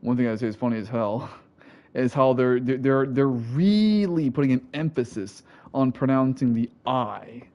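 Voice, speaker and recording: A man's voice: medium pitch, normal speed, warm tone, muffled recording. An American man giving rambling, profane let's-play commentary, correcting himself as he goes. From United States. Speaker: gameplay commentator.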